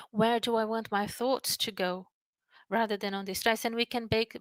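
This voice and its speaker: A woman who works in mental health speaks calmly and earnestly, softening her voice when she guides a breathing exercise. Her voice sits at a medium pitch. The recording is dry, with no room echo. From United Kingdom. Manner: calm, earnest, slows and softens for the breathing guidance. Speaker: mental health practitioner giving a talk.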